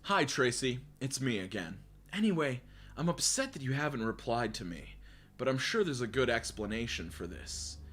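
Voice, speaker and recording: A man reading aloud as an obsessive young man writing stalker emails, in a flat, menacing way. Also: mid-range voice, normal speed. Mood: wheedling. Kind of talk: reading a horror story aloud.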